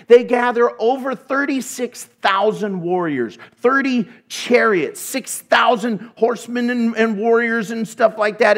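Man, high-pitched voice, sermon, animated storytelling, humorous asides. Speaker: preacher.

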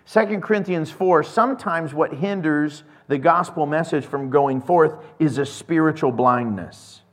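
High-voiced man preaching casually. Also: unhurried, fairly bright tone. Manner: conversational, acts out little scenes with voices. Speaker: pastor. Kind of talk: casual sermon.

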